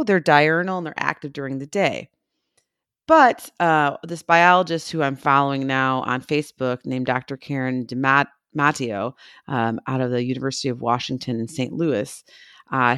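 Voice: medium pitch, a bit bright, smooth, dry recording, studio quality. A podcast co-host chatting casually and gushing with enthusiasm about animals. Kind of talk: casual chat.

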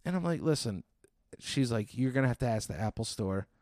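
A man in his thirties telling a profane, exasperated comic story as a podcast host, quickly acting out the people in it. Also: medium pitch, expressive, darkish tone, no room sound. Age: 30s. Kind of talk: solo comedic storytelling.

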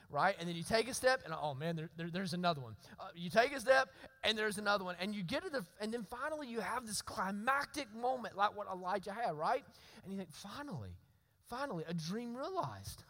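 A man's voice: high voice, bright, forceful tone. A man preaching a sermon as pastor, earnest, often repeating and restarting words and asking "right?" to the congregation.

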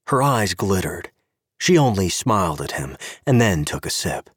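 A man narrating an audio drama in a measured, expressive way. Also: low-pitched, breathy edge, dry recording, clean studio sound.

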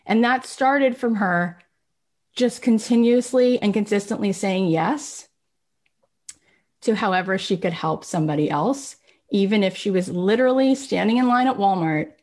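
A middle-aged woman speaks as a podcast host, telling motivational stories from her own career. She tells them in an animated way, slipping into other people's voices for their lines. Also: medium pitch, normal speed. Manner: animated storyteller, acts out quoted voices. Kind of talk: motivational talk.

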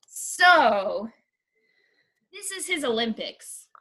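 A woman co-hosting a podcast, chatty and animated, swearing freely with plenty of fillers. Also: on the high side, drawn-out words. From United States. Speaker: podcast co-host. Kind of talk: casual chat.

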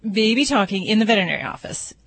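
A woman's voice: medium pitch, very animated, racing. An upbeat woman vet chatting on a radio show, eager and explanatory in tone. A faint hiss of noise sits under her voice. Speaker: veterinarian guest expert. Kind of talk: casual radio chat.

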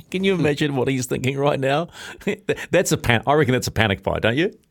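A man's voice: mid-range voice, lively intonation, normal speed, gravelly, slight background noise. A man hosting a casual sports radio show, bantering playfully and teasing his co-host. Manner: playful, teasing, laughs often.

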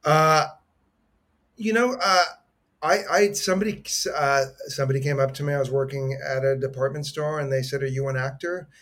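A man's voice: a little high, normal speed, a bit bright. Earnest middle-aged man telling a heartfelt story. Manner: earnest, heartfelt, rambling with restarts. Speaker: podcast guest, actor. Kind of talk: conversational storytelling.

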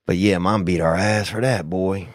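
A man hosting a podcast, telling rambling, profane, slangy stories with sudden loud bursts. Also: deep voice, fairly even intonation, moderate pace, no echo, studio quality. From United States. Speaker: podcast host. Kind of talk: casual podcast storytelling.

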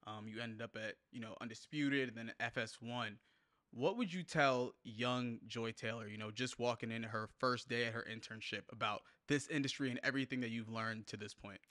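A man's voice: medium pitch, steady tone, normal speed, sharp tone, no room sound, clean studio sound. A man co-hosting a podcast who asks questions in a slangy, laid-back, enthusiastic way. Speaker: podcast co-host. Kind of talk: casual interview talk.

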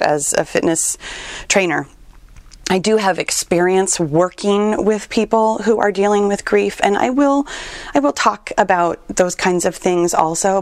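A woman who hosts a podcast and works as a fitness trainer delivers a personal monologue, on the verge of tears and emotional, laughing often and repeating words as she searches for the right ones. Her voice is mid-range, recorded on a dry mic with no room sound.

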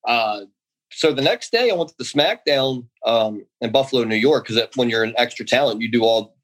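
Rambling, animated man telling stories. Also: medium pitch, normal speed, poor audio. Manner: rambling, animated, acts out quoted voices. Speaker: guest, former pro wrestler. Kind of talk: casual interview storytelling.

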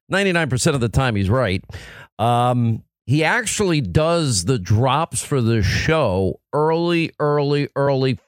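A man hosting a political talk radio show, punchy and combative with quick asides, on a studio microphone. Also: mid-range voice, no echo.

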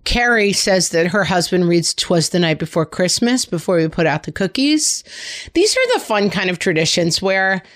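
A woman co-hosting a casual chat, telling playful stories about family holiday traditions. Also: moderate pace. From Irish heritage, family in North America. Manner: animated, playful storyteller with big pitch swings.

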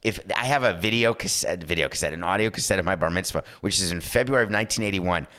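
A fast-talking sports talk host in his fifties, low-voiced, launches into an animated monologue that's sarcastic and full of opinions, dropping into mock voices now and then.

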